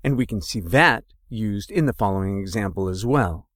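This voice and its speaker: A man narrating a scripted language lesson, slowly and deliberately sounding out each example word. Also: fairly low pitch, lively intonation, fairly bright tone, dry recording, clean studio sound. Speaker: language teacher.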